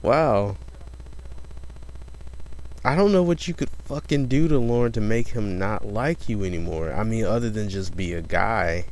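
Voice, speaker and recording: Low-voiced man mocking a recorded call. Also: unhurried, a little mellow, low-quality recording. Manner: mocking, incredulous, swears casually. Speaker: commentator reacting to a recorded call. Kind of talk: casual commentary.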